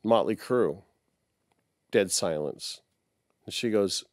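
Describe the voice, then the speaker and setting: A man in his sixties recounts old stories in a relaxed interview, wandering from detail to detail with plenty of fillers. His voice sits low, and the studio sound is dry and close. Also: unhurried, no room sound. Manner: rambling, anecdotal, many fillers. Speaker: guest musician and author. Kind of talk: casual interview storytelling.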